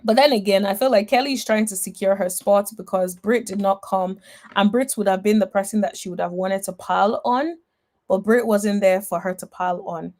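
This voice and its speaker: A woman's voice: mid-range voice, a little fast, darkish tone. A woman giving blunt, sassy reaction commentary on a reality TV episode, talking straight at the cast members. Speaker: reality TV recap vlogger.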